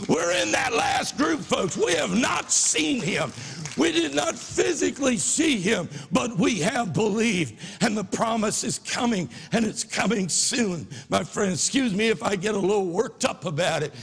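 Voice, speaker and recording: A high-voiced man delivers an impassioned sermon. His tone is husky and slightly breathy, and it swings from quiet asides to ringing shouts. Long reverb from a large church sanctuary trails each phrase. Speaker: preacher.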